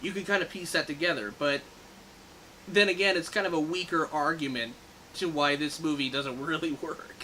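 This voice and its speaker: A man co-hosting a casual movie review podcast, animated and laughing often as he talks. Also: on the high side, normal speed, slight background noise, poor audio. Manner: animated, laughs often, acts out quoted lines. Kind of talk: casual chat.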